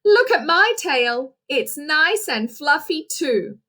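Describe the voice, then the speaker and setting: Woman doing a high eager little skunk. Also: big pitch swings, takes it slowly, sharp tone, full character voice. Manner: eager, pleading. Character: friendly lonely young male skunk.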